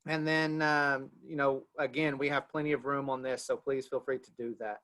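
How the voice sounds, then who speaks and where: A man's voice: mid-range voice, little pitch movement, moderate pace, a bit bright. A man with an Oklahoma accent hosting a video call, giving loose, repetitive, folksy announcements. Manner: loose, repeats himself, folksy. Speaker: webinar host.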